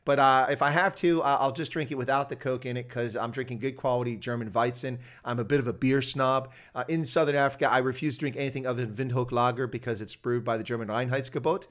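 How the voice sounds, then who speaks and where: Quick chatty guy hosting a stream, rambles a lot and sounds upbeat. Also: mid-range voice, fairly even intonation, fairly bright tone. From United States. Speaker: host. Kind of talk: casual interview chat.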